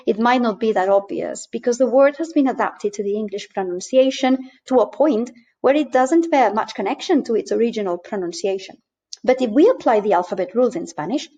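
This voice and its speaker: A woman language teacher explaining over slides, clear and patient, slowing down to model each sound. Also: a little high, warm tone. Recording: dull lo-fi voice-over.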